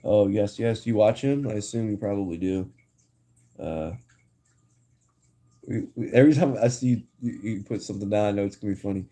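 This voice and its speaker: A young man talks casually to his live-stream viewers in a rambling, slang-heavy way. His voice sits low with a dark, mellow tone. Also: a little fast, pauses often. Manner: rambling, slangy, full of "like" and "dude".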